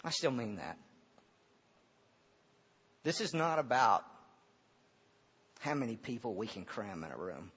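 A middle-aged male pastor preaching a sermon in a church auditorium, moving from loud, impassioned preaching to hushed storytelling. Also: medium pitch, big pitch swings, a little slow, pauses often, breathy edge. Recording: dull reverberant hall sound.

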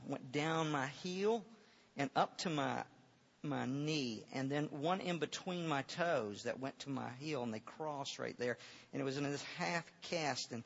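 A man preaching with a husky, fairly high voice, earnest and often repeating himself as he restarts his sentences. The recording is dull and lo-fi, with little top end. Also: a bit bright. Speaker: pastor. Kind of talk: sermon with personal story.

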